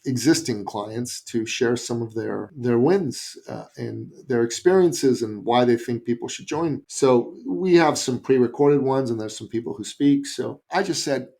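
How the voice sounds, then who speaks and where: A Canadian man, a business coach, telling an anecdote in a podcast interview with lively emphasis. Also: mid-range voice, unhurried, vocal fry, hardly any pauses. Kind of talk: storytelling in an interview.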